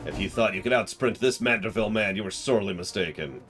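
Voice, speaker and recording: A man voicing a grandiose, theatrical gentleman inspector from a video game, speaking in florid, formal declarations. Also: fairly low pitch, fast talker, music in the background, lightly acted.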